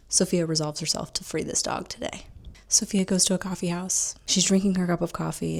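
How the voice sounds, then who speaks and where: A woman's voice: low-pitched, vocal fry. A woman casually retelling and commenting on a novel as a book reviewer, with asides.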